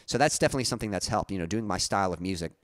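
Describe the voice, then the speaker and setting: A man's voice: sits low, animated, very fast, no echo, clean studio sound. A man hosting a music livestream, chatting casually and answering viewer comments, rambling with many fillers and restarts. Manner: reads viewer comments aloud and answers them.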